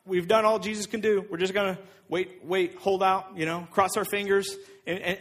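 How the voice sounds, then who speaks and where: Husky male pastor preaching with emphasis. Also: high voice. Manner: animated preaching, swinging between loud emphasis and hushed intimacy. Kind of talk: sermon.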